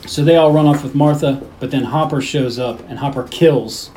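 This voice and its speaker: A man's voice: a little high, normal speed, a little hiss or hum, rough recording. A man co-hosting a podcast, casually recapping a film and acting out its lines with lots of swearing. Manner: animated retelling, acting out movie lines. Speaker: podcast host. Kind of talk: casual movie recap chat.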